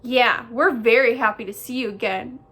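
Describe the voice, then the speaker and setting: A woman voicing a dim young male bear in a storybook reading, talking in a loud, blustering way. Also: a little high, normal speed, husky.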